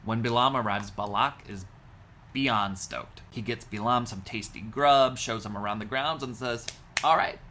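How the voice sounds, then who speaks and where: A rabbi retelling a scripture story as comedy, with wry, deadpan asides. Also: male voice, medium pitch, moderate pace, slight background noise.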